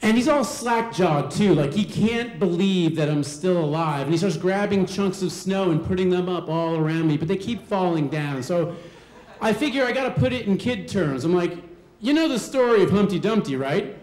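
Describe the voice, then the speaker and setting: A man telling a personal story on stage, animated and acting out the voices of the people in it. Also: high-pitched, moderate pace. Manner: animated, acts out quoted voices. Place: live storytelling show venue. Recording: roomy hall sound.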